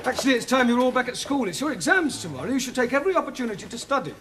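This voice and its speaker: A man's voice: very high-pitched, big pitch swings, rapid-fire, fairly bright tone, slight background noise. A man playing a teacher in a sitcom, polite but exasperated. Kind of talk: sitcom acting. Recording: old sitcom with studio audience.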